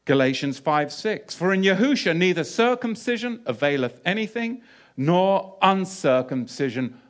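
A man giving an emphatic sermon who often repeats key phrases and asks rhetorical questions. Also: on the high side. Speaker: Bible teacher.

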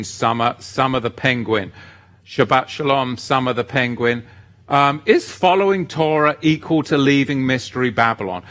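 A man hosting a religious livestream, reading viewer comments and chatting about scripture in an animated, fired-up way. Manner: animated, gets fired up and swings his pitch. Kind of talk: casual livestream chat with scripture talk.

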